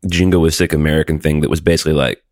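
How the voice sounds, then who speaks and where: A man in casual comedic chat, wry and animated, reading facts aloud with sarcasm. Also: extremely low pitch, racing, no room sound, studio quality.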